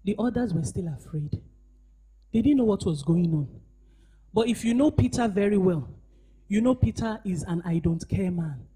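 A woman pastor preaching a sermon at a church service, moving between shouted emphasis and hushed asides and calling on the congregation to respond. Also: mid-range voice, lively intonation, normal speed, pauses often, slightly rough.

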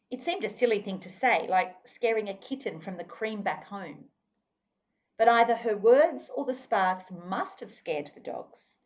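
A woman's voice: mid-range voice, lively intonation, normal speed. A woman reading a children's novel aloud expressively, now and then speaking to her listeners. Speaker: reader.

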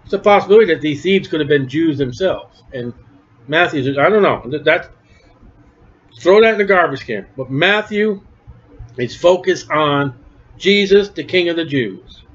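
A man's voice: fairly high pitch, lively intonation, moderate pace, breathy edge. A man preaching a conversational Bible-study sermon, emphatic, often repeating words. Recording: dull lo-fi recording.

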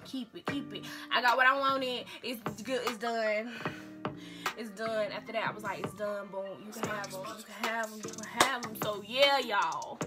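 At a normal speed, a young woman on her vlog narrates a story with dramatic animation and repeated lines for emphasis. Her voice is somewhat high, set against constant loud background music.

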